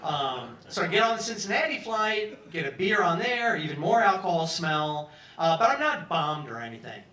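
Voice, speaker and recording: A man in his sixties, from Peoria, tells a profane, animated story on a pub stage. His voice is bright and a little high for a man. It reaches the mic from some distance in a roomy space. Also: normal speed. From Peoria, Illinois, US. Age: 60s. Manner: animated, acts out other people's lines, profane. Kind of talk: live storytelling monologue.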